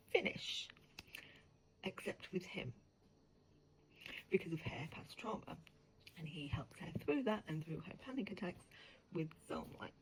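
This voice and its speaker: A lower-voiced woman chatting casually as a book editor, animated and profane. She drops into breathy whispers when she gets worked up. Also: a little hiss or hum, rough recording.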